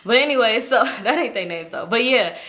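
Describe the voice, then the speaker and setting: A young woman casually telling a storytime in slangy, animated talk, acting out what people said. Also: a little high, brisk. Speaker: storytime vlogger.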